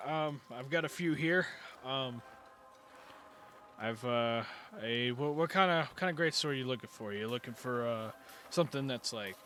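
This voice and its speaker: A stammering, eager village blacksmith, put on by a man running a tabletop game, who keeps tripping over his words. He speaks a little higher and louder than a plain talking voice. The voice stays rushed and keen to sell. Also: slight background noise, natural voice. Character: flustered middle-aged male village blacksmith.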